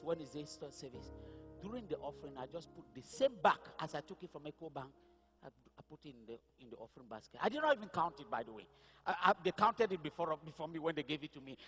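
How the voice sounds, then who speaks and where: A pastor delivers his personal testimony as a sermon, telling it vividly and building up to impassioned cries. His voice is a little high and a bit bright, and the recording carries echoey hall reverb.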